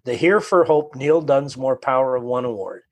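A Canadian man speaks as a guest in a conversation, telling a story with lively energy at medium pitch and normal speed. He acts out the quotes and often repeats his words.

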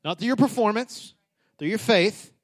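A man's voice: high voice, moderate pace. A middle-aged man, a pastor, preaching a conversational sermon that climbs to emphatic peaks.

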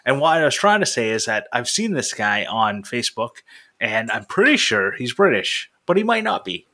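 Bright-voiced man teasing on a podcast. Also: mid-range voice, sing-song, moderate pace. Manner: rambling, dry teasing. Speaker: podcast co-host. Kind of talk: casual podcast chat.

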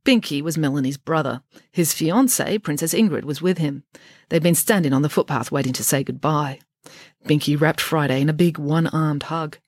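A woman's voice: low voice, moderate pace, darkish tone, dry recording, clean studio sound. A woman reading her own children's novel aloud for a podcast, switching between voices for each character.

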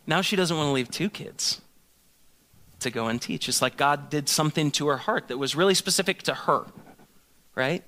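A man's voice: fairly high pitch, moderate pace, bright, forceful tone. A man in his thirties, a pastor telling a self-mocking personal story in a sermon and acting out both sides of a conversation.

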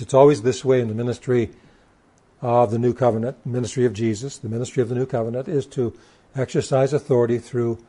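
A man's voice: mid-range voice, dark tone. A man preaching a sermon, reading scripture aloud and explaining it with emphatic stress on key words and occasional stammered restarts.

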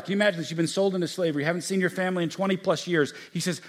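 A man preaching a sermon as a pastor. He swings from hushed, intimate passages to loud, emphatic ones and acts out quoted lines slowly and with stress. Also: high voice, steady tone. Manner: acts out quoted speech with slow, drawn-out emphasis.

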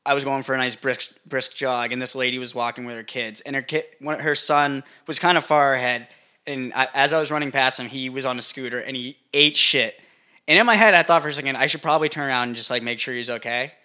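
A young man co-hosting a podcast, joking in a deadpan, self-deprecating way during crude casual banter. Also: mid-range voice, brisk. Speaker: podcast co-host.

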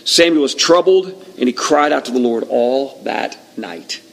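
A male pastor speaking in an everyday, chatty sermon voice at a middling pitch. He tells the story vividly, talking straight to his listeners as if across a table. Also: measured pace, creaky, rough recording. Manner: conversational, animated storytelling that acts out the scene.

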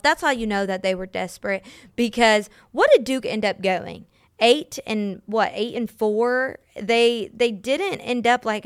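A woman's voice: mid-range voice, a bit bright, clear, resonant tone, dry recording, clean studio sound. A young woman hosting a podcast, giving blunt, opinionated sports takes in a casual chat with lots of filler ums. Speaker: podcast host.

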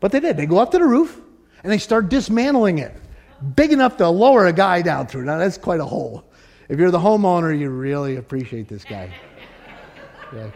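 A male pastor preaching with a high, bright-edged voice that leaps across a wide pitch range. He drops to near whispers, then climbs to shouts, and voices the people in his story with playful asides. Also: fairly quick, creaky. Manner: animated preaching, swings from hushed to shouting. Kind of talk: sermon.

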